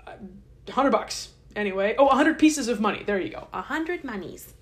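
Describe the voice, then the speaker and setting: A woman's voice: a little high, lively intonation, fairly quick. A woman host casually retelling a story in a chatty, irreverent, joking way. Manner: irreverent, chatty, swears lightly. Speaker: podcast host.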